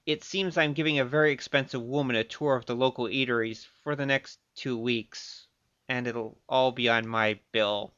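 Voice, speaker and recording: An actor playing a cocky young male thief who speaks in a wry, playful, quick-witted way, narrating his tale in a radio play. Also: medium pitch, fairly even intonation, a bit bright, smooth, no echo, dull audio, close to an everyday voice. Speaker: narrator and lead.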